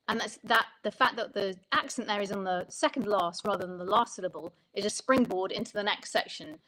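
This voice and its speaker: A woman's voice: mid-range voice, fast talker, few pauses, a bit bright, low-quality recording. A woman songwriting coach explaining ideas in an interview, talking thoughtfully and often restarting her sentences.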